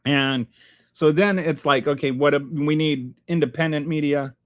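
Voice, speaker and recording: A man's voice: on the high side, fairly even intonation, moderate pace. A man hosting a live stream, reading chat aloud and answering with sarcastic, rambling commentary full of restarts.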